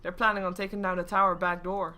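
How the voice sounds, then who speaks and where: A woman's voice: fairly low pitch, flat delivery, fast talker, bright, forceful tone. A young woman doing solo live esports commentary, chatty and joking with her stream chat between play calls. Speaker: esports caster.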